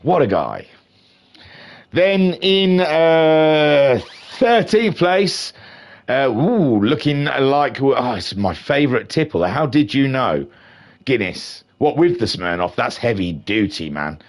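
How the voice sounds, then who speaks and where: A man's voice: mid-range voice, big pitch swings, unhurried. A man giving chatty, jokey live commentary on a sim-racing league, full of playful asides. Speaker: race commentator.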